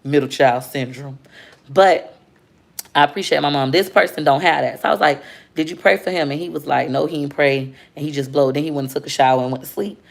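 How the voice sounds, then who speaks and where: A woman's voice: low-pitched, fairly even intonation, fairly quick, creaky. A woman in her thirties chatting earnestly with her viewers in a casual livestream and reading out their comments. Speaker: livestream host talking to viewers. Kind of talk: casual heartfelt chat to viewers.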